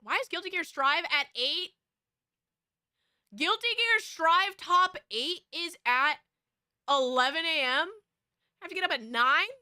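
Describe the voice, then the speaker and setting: A woman's voice: high voice, bright, forceful tone, dry recording, clean studio sound. A woman streamer with an American West Coast accent, chatting casually and rambling. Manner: rambling, with frequent fillers and restarts. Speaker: VTuber streamer. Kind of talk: casual chat.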